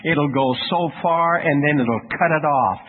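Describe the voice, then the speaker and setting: A man's voice: on the high side, a little slow. A man preaching a sermon in a folksy storytelling manner, asking his listeners questions. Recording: tinny phone-like radio sound with faint noise.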